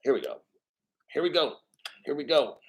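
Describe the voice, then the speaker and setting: A man's voice: a little high, animated, normal speed, slightly rough. A man hosting a casual crypto livestream, rambling and swearing as he reads out viewer names and chat.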